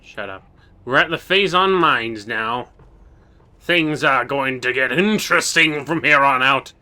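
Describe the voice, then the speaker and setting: A man's voice: medium pitch, a little slow, pushed and bright. A young man co-hosting a video game let's play, chatting casually and sounding tired, with stammered restarts. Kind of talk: casual gameplay chat.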